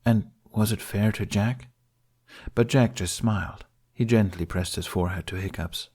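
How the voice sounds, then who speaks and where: Male audiobook narrator, low voice, steady and emotional delivery. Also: normal speed, slightly rough. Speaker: fan fiction narrator.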